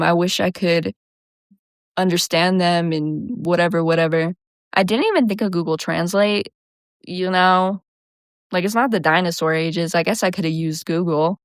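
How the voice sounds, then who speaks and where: A woman's voice: lowish voice, no room sound, clean studio sound. Young woman with a slight country twang. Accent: Southwestern US with a slight country twang. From New Mexico. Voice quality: slightly lazy, drawling speech. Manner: chatty, laid-back, frequent "right?" and "like". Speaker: vlogger. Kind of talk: casual storytelling to camera.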